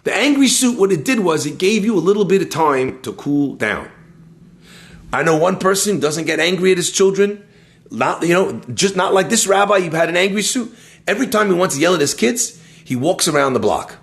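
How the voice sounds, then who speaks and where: A man teaching a lively Torah lesson, telling stories and using Hebrew terms. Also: high-pitched, fairly quick, vocal fry. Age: adult, schooled in yeshiva. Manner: animated storyteller, uses Hebrew terms.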